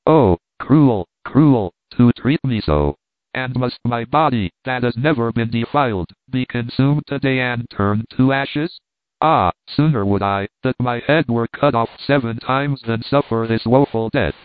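A man voicing a frightened young woman prisoner, speaking low and soft in an audiobook reading. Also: steady tone, moderate pace, clear, resonant tone, no room sound, close to an everyday voice. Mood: anguished. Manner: low, soft-voiced, rising to anguished pleas. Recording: dry, tinny phone-like sound.

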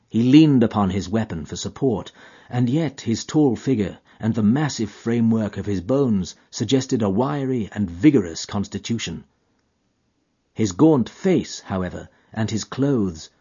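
A man narrating a literary story in an expressive, dramatic, drawn-out manner. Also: on the low side, husky, highs cut off. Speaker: audiobook narrator.

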